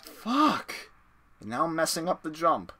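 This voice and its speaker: Bright, lively young man cursing at a game. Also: a little high, moderate pace, faint music behind. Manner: swears and shouts at the game in frustration. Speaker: streamer playing a game. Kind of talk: casual gaming chat with friends.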